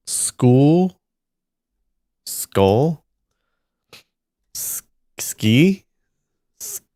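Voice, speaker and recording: A man streaming live, thinking aloud and slowly sounding out syllables as he works through a word puzzle. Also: medium pitch, a little mellow, dry recording, clean studio sound. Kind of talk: casual muttering while solving a word puzzle.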